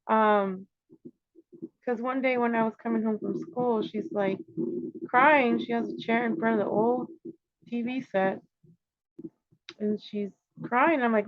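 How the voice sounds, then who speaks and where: Unhurried and steady, with long pauses, this fifties-aged woman talks in a slightly high voice on her own channel. Her casual monologue is rambling, conspiratorial and packed with filler words, captured in a dry, somewhat dull home recording.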